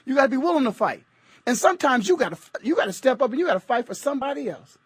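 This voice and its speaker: Emphatic high-voiced talk radio host. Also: male voice, big pitch swings, rapid-fire, slightly rough, no room sound. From United States. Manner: preachy, emphatic, repetitive.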